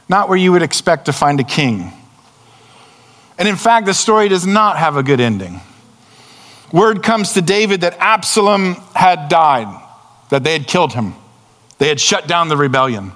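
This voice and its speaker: A man preaching with earnest weight, slowing down and sinking low on the words that matter. His voice sits a little high for a man. It rings out with the long reverb of a large hall. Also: animated, fairly bright tone. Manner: earnest, slows down and drops low for emphasis. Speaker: pastor. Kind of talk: sermon.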